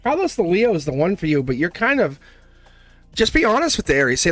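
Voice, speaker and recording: Guy doing a live tarot reading, kinda high voice, laughs a lot, soft music behind. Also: big pitch swings, brisk, no room sound. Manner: blunt, laughs often, acts out voices. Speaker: tarot reader.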